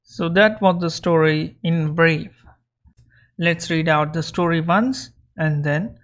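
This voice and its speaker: Woman, teacher, low voice, slow careful explaining, reads a story over slides. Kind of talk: classroom lesson, reading a story aloud.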